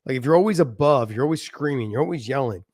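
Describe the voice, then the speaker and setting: A man's voice: medium pitch, animated, fast, a little mellow, dry recording, clean studio sound. A middle-aged man in a casual interview, explaining his views earnestly and with everyday examples. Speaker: podcast guest, former fighter. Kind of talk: casual conversation.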